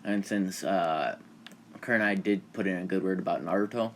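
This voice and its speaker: A man's voice: low voice, normal speed, a little hiss or hum. A young man casually retelling a fan-made anime story while playing a video game, full of fillers, restarts and offhand swearing.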